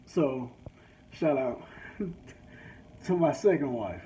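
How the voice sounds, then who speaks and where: A vlogger from a rural country town rants crudely while driving, telling a profane story in an animated way and swearing freely. His voice is medium-pitched with drawn-out words, captured in dull lo-fi sound with faint noise.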